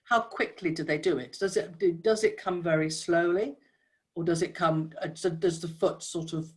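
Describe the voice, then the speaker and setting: Measured audio description trainer on a call. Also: medium pitch, fairly even intonation. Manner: measured, explanatory, frequent fillers and restarts. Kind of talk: giving feedback in a workshop.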